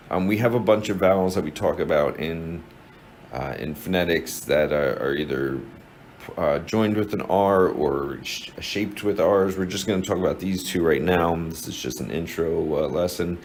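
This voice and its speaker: A deep-voiced man from New Jersey, USA, with the matching accent, teaches an informal lesson step by step, using plenty of fillers and restarts. The audio is poor, with slight background noise.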